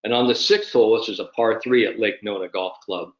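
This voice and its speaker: A man in his fifties, a sport psychologist, telling an anecdote with animated storytelling during an online summit. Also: on the low side, a little fast, echoey room, dull audio. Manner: animated anecdotal storyteller, addresses the host by name.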